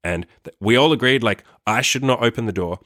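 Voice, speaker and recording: A man's voice: medium pitch, a little fast, a bit bright, no echo, clean studio sound. A man telling a personal story in a rambling, casual way, swearing often and filling his speech with "like" and "right?". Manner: rambling, profane, heavy use of "like" and "right?".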